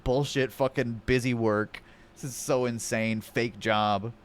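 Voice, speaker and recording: A man's voice: mid-range voice, fairly even intonation, a little slow, clean tone. A man streaming casual reaction commentary, profane, scoffing and sarcastic.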